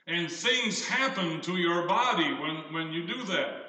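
An older man preaching a sermon, reading scripture and telling stories in an animated, emphatic way. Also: sits high, measured pace. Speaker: pastor. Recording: echoey hall from far off, faint noise.

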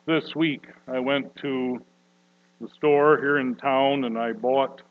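A man preaching a sermon, slow and earnest, building to loud emphatic peaks. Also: mid-range voice, steady tone. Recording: dull lo-fi recording with mains hum.

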